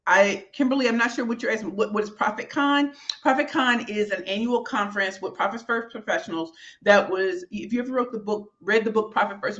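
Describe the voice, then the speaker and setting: A woman speaker and author chats in a heartfelt, rambling live stream, full of fillers and warm thanks to her viewers. She talks from a small office in a hotel suite. The stream audio is dull and lo-fi. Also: mid-range voice.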